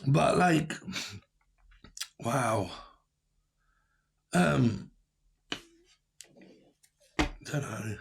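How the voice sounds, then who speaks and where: A man's voice: mid-range voice, lively intonation, extremely slow, creaky, pauses often, slight background noise. A man giving a casual tarot reading to camera, blunt and rambling, who swears and laughs often. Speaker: tarot reader.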